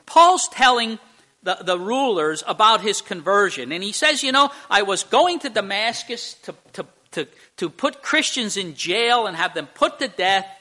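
A male pastor preaching a conversational sermon in church, halting with fillers and restarts and speaking directly to the children. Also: high voice, animated, pushed and bright. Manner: addresses children in the congregation directly.

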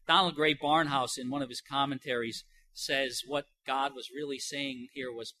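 A man's voice: mid-range voice, fairly even intonation, moderate pace, sharp tone. A man preaching a sermon in a conversational way, building to emphatic, rising passages. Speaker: pastor.

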